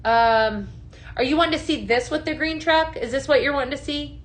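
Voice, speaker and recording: A woman consultant hosts an upbeat live product show, reading viewer comments as she sells. Her voice is high and a little fast, and she gushes and chats with plenty of "just saying" and "right?".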